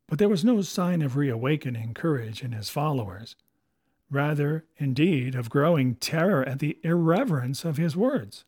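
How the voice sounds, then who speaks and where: A man narrates an adventure novel in a steady storytelling manner. His voice sits a bit high for a man. The recording is dry and close. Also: moderate pace, dry recording. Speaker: audiobook narrator. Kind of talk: scripted narration.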